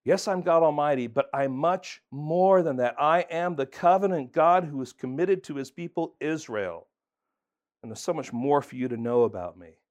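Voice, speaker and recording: A man's voice: mid-range voice, darkish tone. A man preaching a sermon as pastor, earnest and emphatic, talking conversationally with fillers and restarts.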